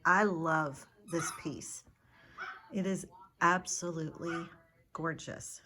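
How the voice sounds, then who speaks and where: Slow, chatty woman gushing. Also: on the low side, fairly even intonation, pushed and bright. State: out of breath. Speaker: fluid art painter. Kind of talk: casual craft vlog narration.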